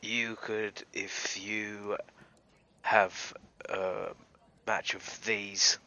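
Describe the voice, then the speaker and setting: A man's voice: on the low side, little pitch movement, extremely slow, pushed and bright, lo-fi sound. A man playing a tabletop game, speaking in a cheeky, joking way. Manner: cheeky, laughing. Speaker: player.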